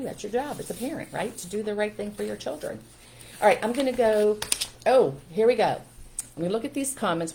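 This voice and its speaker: A middle-aged parenting coach from Pennsylvania, USA, hosts a casual live stream, talking earnestly and greeting viewers by name. Her voice is on the low side and a little mellow, captured in a low-quality recording.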